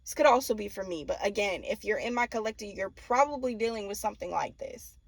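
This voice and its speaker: A woman's voice: medium pitch, lively intonation, quick pace, vocal fry, no room sound. A young woman giving a casual tarot reading, blunt and profane, often laughing and mimicking people. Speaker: tarot reader.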